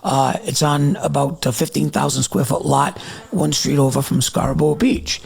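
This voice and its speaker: A middle-aged man chats loosely on a live stream from home, drifting between topics and calling out viewers by name. His voice is gravelly and husky, set a touch higher than most men's. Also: steady tone, normal speed, darkish tone. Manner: rambling, chatty, answering viewer comments by name. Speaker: TikTok live host. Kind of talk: casual live-stream chat. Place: at home in the evening.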